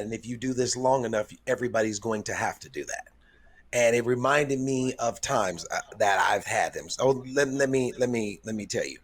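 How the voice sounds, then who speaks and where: A middle-aged man comedian, a guest on a podcast, telling stories thoughtfully and repeating words as he gathers his thoughts. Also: mid-range voice. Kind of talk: casual chat, storytelling.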